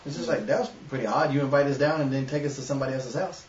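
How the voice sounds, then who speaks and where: Speaking rapid-fire at a medium pitch, a Southern US webshow host spins a long, profane tale in casual conversation, animated and laughing throughout. The sound is echoey and lo-fi, caught by a distant room mic.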